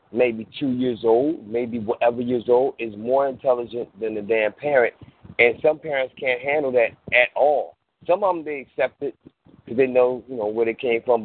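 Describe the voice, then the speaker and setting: A man of middle pitch talks in a casual radio conversation with lively energy. He acts out voices as he makes his points. His voice comes through a tinny phone line. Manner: animated, acts out voices of parents.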